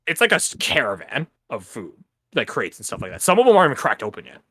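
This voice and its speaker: A man's voice: medium pitch, huge pitch swings, quick pace, pushed and bright, slightly rough. A man running a tabletop game as game master, describing the scene in a casual, rambling way full of filler words.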